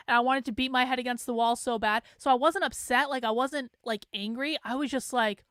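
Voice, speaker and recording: A woman hosting a casual monologue, blunt and exasperated, swearing freely and mocking others in flat mimicking asides. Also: high voice, fast, hardly any pauses, clear, resonant tone, dry recording, studio quality. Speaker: online commentator host.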